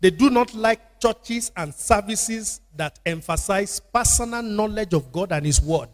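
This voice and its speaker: A man's voice: high voice, expressive, a little slow. A man with a Nigerian accent preaching a sermon as pastor, repeating phrases and calling on the congregation to answer. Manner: call-and-response preaching with repetition. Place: church. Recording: church hall with long reverb.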